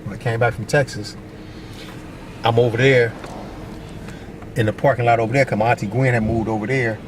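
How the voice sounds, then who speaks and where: A middle-aged man from Long Beach, California, telling stories from his youth as a vlogger. He tells them in an animated way, puts on high voices for the people he quotes, and often asks "you know what I mean". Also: a little fast. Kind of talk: casual storytelling. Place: outdoors by a basketball court, moving in traffic. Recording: faint street and traffic noise outdoors.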